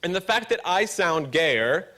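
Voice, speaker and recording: A man from Pennsylvania with a gravelly voice, giving a public talk at a conference with wry, joking asides, at times a little mumbling. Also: high voice, animated, a little slow, bright, forceful tone. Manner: slightly mumbling when not projecting. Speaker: conference speaker.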